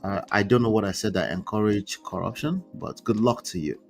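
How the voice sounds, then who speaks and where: A man's voice: lowish voice, brisk, faint music behind. A man hosting a casual live stream, reading posts aloud and reacting with chatty asides. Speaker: relationship commentary host.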